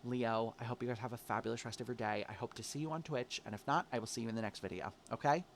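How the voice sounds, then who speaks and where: A chatty man reads tarot cards for his viewers in an easy, encouraging way. His pitch sits in the middle range, and he sweetens his pep talk with pet names. A faint hiss runs under the recording. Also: fast talker. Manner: chatty, encouraging, calls listener babe. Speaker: tarot reader. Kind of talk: casual tarot reading.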